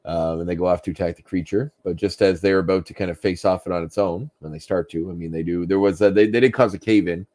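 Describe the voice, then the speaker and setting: A man's voice: low-pitched, fairly even intonation, fast talker, few pauses, darkish tone. A man co-hosting a casual podcast, recapping a cartoon episode in a chatty way and laughing often. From Canada. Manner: chatty, laughs often, slips into jokey voices. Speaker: podcast co-host.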